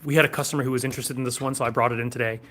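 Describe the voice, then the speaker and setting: A man's voice: medium pitch, rapid-fire, a crowd in the background. A man hosting a sword shop livestream in a back room, chatting casually and answering viewer questions. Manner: relaxed, rambling, answers chat questions.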